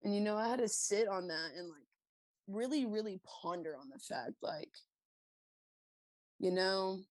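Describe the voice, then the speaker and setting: A woman's voice: mid-range voice, animated, unhurried, darkish tone, no echo. A woman guest on a podcast, talking in a candid, reflective way with lots of fillers. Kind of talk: casual conversation.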